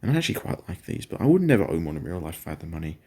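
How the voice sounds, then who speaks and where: A man's voice: low-pitched, sing-song, rapid-fire, dark tone, slightly rough. A man giving casual, rambling game commentary, often stopping to correct himself. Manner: rambling, self-correcting, chatty. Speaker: gaming channel host.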